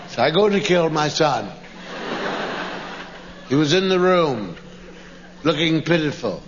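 In a dull live hall recording with ambient noise, a male comedian does stand-up storytelling for a laughing audience, voicing his wife and children, including squealing impressions of the kids. He speaks slowly in a fairly high, sing-song voice, leaving long pauses.

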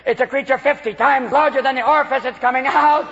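A male stand-up comedian performing a manic routine, shouting and jumping in and out of voices before a live audience. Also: very high voice, steady tone, quick pace, creaky, a little hiss or hum. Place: large venue with a live audience. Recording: lo-fi live hall recording with crowd.

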